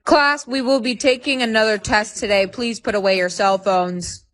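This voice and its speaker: This is a text-to-speech woman's voice that reads every side character in a storytime. It sits a little high and keeps a flat, even machine delivery the whole way through. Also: normal speed.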